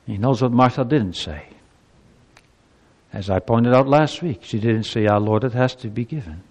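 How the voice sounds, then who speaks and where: A man's voice: medium pitch, normal speed, a little mellow. A man preaching a sermon as pastor, building fervor and reading scripture aloud to his congregation. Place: church sanctuary. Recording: long hall reverb.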